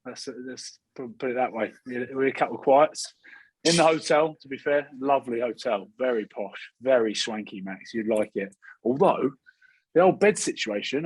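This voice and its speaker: A man's voice: mid-range voice, husky, dry recording, low-quality recording. A man in his thirties from Scotland, a rugby player and regular co-host, bantering and rambling cheekily over a video call. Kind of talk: casual chat.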